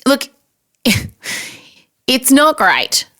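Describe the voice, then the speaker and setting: A woman's voice: high voice, sing-song, very slow, sharp tone. A woman in her forties with an Australian accent, hosting a podcast in a chatty, self-mocking storytelling manner. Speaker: podcast host. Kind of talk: casual monologue.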